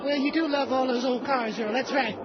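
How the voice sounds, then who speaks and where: A man voicing a fussy middle-aged housewife in a shrill falsetto for a comedy radio sketch. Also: steady tone, a little fast, lo-fi sound, a crowd in the background, background noise. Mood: fretting.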